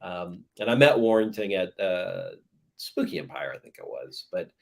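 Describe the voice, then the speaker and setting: A man speaking as a guest in a casual interview, relaxed, often trailing off softly at the end of a phrase. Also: low voice, moderate pace. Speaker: guest horror writer.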